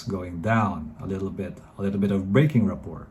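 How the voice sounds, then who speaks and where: A man's voice: low-pitched, animated, brisk, mellow, slight background noise. A man in his thirties with a Filipino English accent, chatting rambly dating advice straight to viewers. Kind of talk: casual advice talk to camera.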